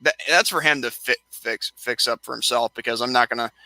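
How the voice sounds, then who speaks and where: A man's voice: medium pitch, fairly quick, a loud crowd. A young man hosting a casual live-stream chat, rambling and tripping over his words as he repeats himself while he rants.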